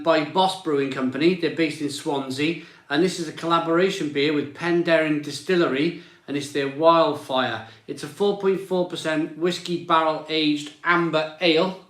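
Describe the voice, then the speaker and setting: A man's voice: a little high, fairly bright tone, roomy sound. A man hosting a casual beer live stream, chatting and greeting viewers as he reads their comments aloud.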